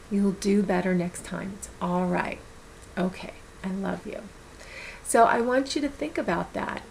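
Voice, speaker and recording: Gravelly-voiced woman giving encouraging advice. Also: mid-range voice, a little mellow, slight background noise, poor audio. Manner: earnest, encouraging, repeats words. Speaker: self-help vlogger. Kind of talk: casual motivational talk to camera.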